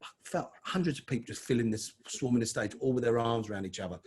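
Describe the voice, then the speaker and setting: Quick-paced and a little mellow with a breathy edge, this medium-pitched voice belongs to a middle-aged London man. He's a chatty interview guest telling casual stories and calling the host "mate."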